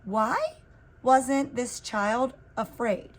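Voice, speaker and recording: A woman reading a children's picture book aloud in an expressive, unhurried way. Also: mid-range voice. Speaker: reader. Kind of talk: storybook read-aloud.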